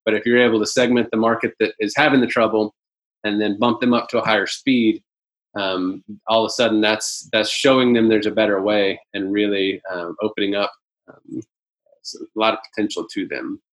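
Halting male webinar presenter, low voice. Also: fairly even intonation, poor audio. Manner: halting, many fillers. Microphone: video call.

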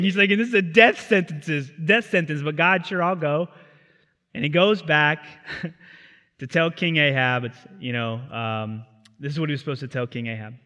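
A male pastor preaches in an animated, casual storytelling style, his bright, forceful voice sitting a little high for a man. The sound carries the long reverb of a theatre hall. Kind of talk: sermon. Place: theatre used as a church.

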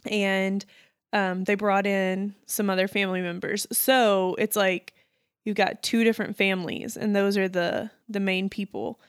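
A woman co-hosting a podcast, talking in a relaxed, chatty way in casual conversation. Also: mid-range voice, unhurried, smooth, dry recording, studio quality. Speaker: podcast co-host. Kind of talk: casual chat.

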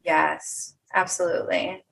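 A woman's voice: on the low side, level tone, a little slow, creaky, a bit bright, a little hiss or hum. A woman hosting a casual podcast chat, frank and supportive, often agreeing and laughing. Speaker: podcast host.

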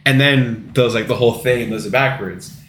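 A man's voice: medium pitch, brisk, fairly bright tone, reverberant, a little hiss or hum. A man co-hosting a casual movie podcast, talking in a hesitant way with many fillers. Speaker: podcast co-host.

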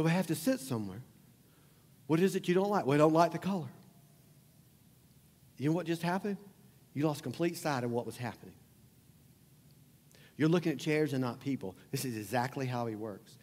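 A man's voice: mid-range voice, darkish tone. A man preaching a sermon as pastor, talking in a conversational, emphatic way and repeating phrases. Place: church sanctuary. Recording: long hall reverb.

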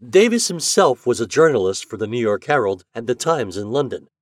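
A man's voice: mid-range voice, very animated, fairly quick, no room sound, clean studio sound. A man who hosts an audio fiction podcast and narrates classic stories in a friendly, conversational manner. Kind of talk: scripted narration.

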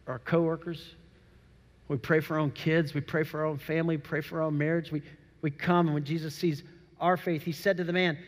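A male pastor preaches with a high-pitched voice. He tells the story with animated energy and acts out the quotes. His words ring with long reverb in a large church sanctuary. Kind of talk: sermon.

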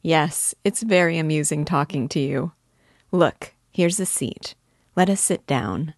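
A woman reading the part of a lively, playful young woman who teases with eager questions, in an audiobook. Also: low-pitched, a little slow, no echo, studio quality. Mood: teasing.

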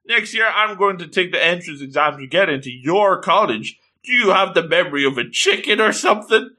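A man's voice: lively intonation, pushed and bright, full character voice. A man doing a sassy, fearless teenage girl. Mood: furious. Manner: pitched-up girlish voice, brisk and teasing.

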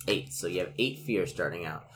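A man runs a gamebook session for a podcast. His voice sits on the low side but swings widely in pitch as he narrates, and his delivery is relaxed and expressive. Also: a little fast, background noise. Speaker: game master. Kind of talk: reading a gamebook aloud in a casual podcast.

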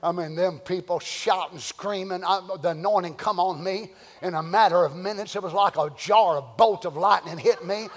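An older man preaching a sermon, swinging between loud shouting and quiet storytelling. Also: high-pitched, normal speed, long reverb tail. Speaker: pastor.

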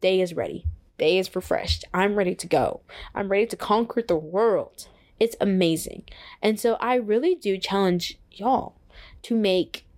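An excitable young woman sits at the mic of her own podcast and talks through her faith in a casual, earnest way. Her voice sits at an ordinary pitch, and she often pauses on "like" as she finds her words. She comes across as heartfelt and easygoing. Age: young adult. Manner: earnest and excitable, heavy use of "like". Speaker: podcast host. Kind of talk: casual faith-based reflection.

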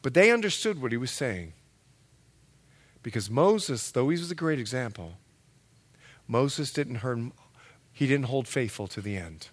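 A male pastor preaching a sermon, telling stories with lively acted-out quotes and emphatic, loud peaks. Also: mid-range voice, measured pace, long pauses. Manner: animated storytelling with acted-out quotes.

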